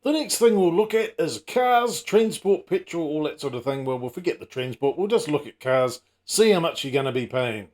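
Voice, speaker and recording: A man's voice: a little high, animated, normal speed, hardly any pauses, a little mellow. A middle-aged man hosting a casual comedy vlog, full of wry, self-mocking asides and teasing jokes. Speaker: channel host.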